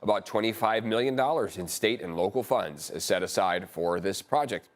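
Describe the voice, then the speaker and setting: A male morning news anchor with an American accent, reading stories in a measured, even way. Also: lowish voice.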